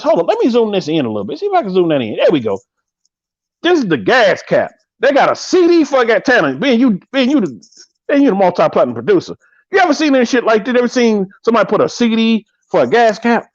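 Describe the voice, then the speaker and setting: A man in his thirties hosting a live podcast, riffing with animated, joking commentary and drawn-out exclamations. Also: very high voice, dry recording, dull audio. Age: 30s. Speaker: podcast host.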